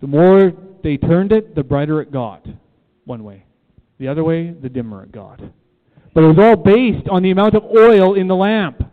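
A man with a fairly high, expressive voice preaches at a moderate pace, emphatic and repeating key phrases while posing questions to the room. The setting is a church room, and the recording is tinny, phone-like, with long reverb.

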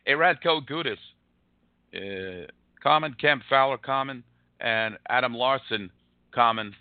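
A man hosts a live card break, rattling off player names and cracking jokes between packs. His pitch sits a bit high and swings widely as he gets excited. The sound is dry and tinny, like a phone line. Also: creaky, no room sound. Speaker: host opening card packs. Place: room across from an arena.

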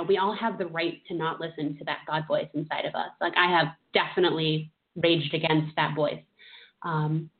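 A woman in her thirties, a podcast co-host, telling a personal story in an emotional, rambling way with many fillers and restarts. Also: lowish voice. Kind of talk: casual conversational storytelling. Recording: tinny phone-like audio.

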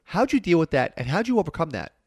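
A man's voice: fairly high pitch, very animated, fast, a little mellow, husky, dry recording, studio quality. A man hosting an interview, asking questions in an enthusiastic, encouraging way. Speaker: podcast host. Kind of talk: casual interview.

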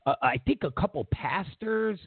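A man's voice: high voice, lively intonation, moderate pace, slightly rough, no echo. A man hosting a political talk show, speaking casually and sarcastically, repeating himself and chuckling as he mocks his opponents. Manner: sarcastic, mocking, repeats phrases, chuckles often. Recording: tinny phone-like audio.

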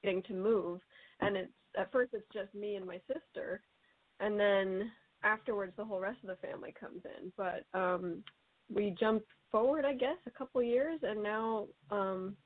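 A woman's voice: medium pitch, moderate pace, dry recording. Actress, female, cheerful and chatty, recorded close and dry over a thin call line. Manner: upbeat, rambling with fillers. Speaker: stage actress. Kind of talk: casual interview chat. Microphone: video call. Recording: tinny, dry online call audio.

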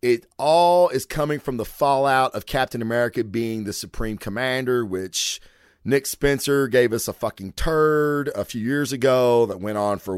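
A man's voice: medium pitch, clear, resonant tone, dry recording, clean studio sound. Profane chatty man reviewing comics. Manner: profane, chatty, rambling with fillers. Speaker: comic book show host. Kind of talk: casual comic book review.

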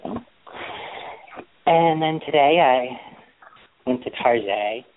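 A man's voice: medium pitch, extremely slow. A man co-hosting a podcast, chatting casually in a sassy, playful, teasing way. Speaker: podcast co-host. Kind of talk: casual gossipy chat. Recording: tinny phone-like line.

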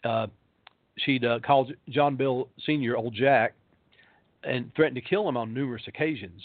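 A man's voice: medium pitch, normal speed, no room sound. A male pastor, telling a ghost story in a rambling way, full of ums and uhs, heard over a phone line. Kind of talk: storytelling on a talk show.

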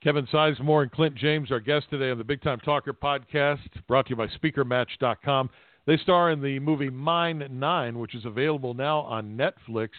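A man's voice: medium pitch, normal speed, dry recording. A man hosting a podcast interview, asking long, rambling questions. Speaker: podcast host. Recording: tinny phone-like audio.

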